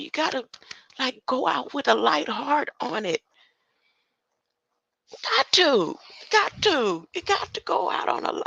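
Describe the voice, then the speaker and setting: Slow, gravelly woman musing aloud. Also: high-pitched, pushed and bright, no echo, low-quality recording. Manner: tags lines with a questioning "huh?"; laughs between thoughts. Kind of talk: rambling spiritual monologue.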